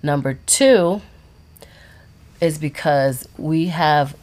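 A woman co-hosting a casual podcast chat, expressive and given to dramatic exclamations. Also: sits low, extremely slow. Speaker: podcast co-host.

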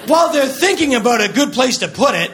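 A man works a stand-up set in a very high, sharp voice. His delivery is sardonic and dry, with the punchlines pushed upward. The live recording carries clear crowd noise from the room. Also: very animated, brisk. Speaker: stand-up comedian. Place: comedy club stage before a laughing audience.

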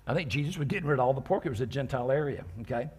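A man preaching a sermon in a husky, slightly breathy voice. He reads scripture aloud verse by verse and explains it in an easygoing, conversational way. He throws in joking asides to his congregation. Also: mid-range voice, very fast, darkish tone. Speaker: pastor.

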